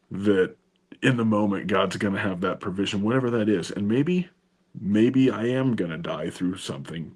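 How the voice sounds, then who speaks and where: Husky low-voiced man, relaxed. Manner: relaxed, thoughtful, with frequent restarts. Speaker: guest. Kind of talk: casual conversation.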